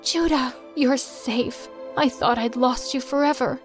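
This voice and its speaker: Brief: woman reading as a sorry, pleading mom in an animated story; high voice, soft music under it. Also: measured pace. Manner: pleading, emotional delivery. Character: remorseful middle-aged mother, tearful and apologetic.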